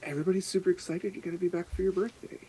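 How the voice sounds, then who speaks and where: A man's voice: very fast, husky, rough recording. A man voicing a bubbly, eager little sea elf girl, about four or five years old. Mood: chatty. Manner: eager, gushing, high and excited.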